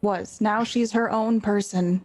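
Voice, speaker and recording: A woman's voice: mid-range voice, steady tone, a little slow, darkish tone. A woman playing a tabletop game, speaking in a hesitant, filler-heavy way. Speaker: player. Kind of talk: casual tabletop game talk.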